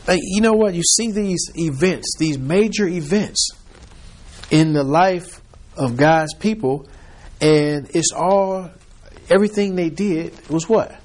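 A man leads a group Bible study in a relaxed, conversational way, quizzing his listeners as he goes. His voice is husky and a little high. He talks slowly and often laughs. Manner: chatty, laughs often, asks the group questions. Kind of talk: casual scripture teaching.

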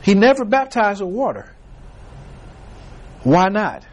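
High-voiced, slow-spoken male preacher. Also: big pitch swings, a little mellow. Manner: reads scripture slowly, then retells it in casual repeated phrases. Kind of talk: sermon with scripture reading.

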